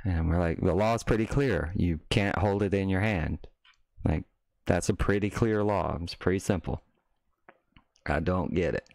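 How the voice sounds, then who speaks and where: On a live stream, a man with a deep, gravelly voice talks casually at normal speed. He rambles, cuts himself off mid-sentence to restart, and bursts into loud, mocking rants. The recording is dry, with almost no room sound and no echo.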